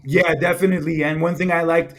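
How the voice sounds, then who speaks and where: A man's voice: a little high, flat delivery, fairly quick. A man in casual wrestling chat, retelling events in a laid-back, profane way. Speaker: podcast co-host.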